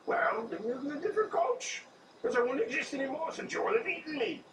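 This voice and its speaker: A man's voice: very high-pitched, very animated, fairly quick. A man voicing a gloomy, blunt Russian male hockey coach with a mock Russian accent, in a comic impression on a morning news show. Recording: roomy studio, distant mic, background noise.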